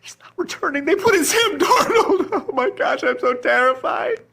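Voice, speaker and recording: A woman's voice: sits high, lively intonation, moderate pace, creaky, a bit bright, heavily acted. A woman playing a panicked, guilt-ridden fantasy football manager in a comedy sketch, whispering breathlessly and swinging between terror and relief. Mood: frantic.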